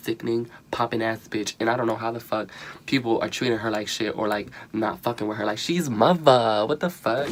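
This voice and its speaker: A young man giving a casual spoken review of a show, animated and profane, full of slang and bursts of laughter. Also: mid-range voice, a little hiss or hum. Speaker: vlogger reviewing a reality show.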